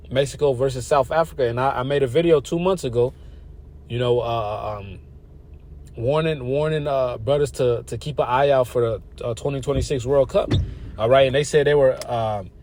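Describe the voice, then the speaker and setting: A man reading scripture verses haltingly and commenting on them in a loose, slangy preaching style that builds excitement. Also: medium pitch. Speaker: religious teacher.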